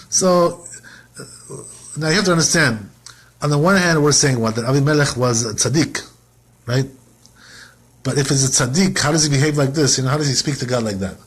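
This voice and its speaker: A man's voice: a little high, expressive, moderate pace, breathy edge. A man teaching as a rabbi in a Torah lesson, asking himself rhetorical questions and acting out quoted complaints.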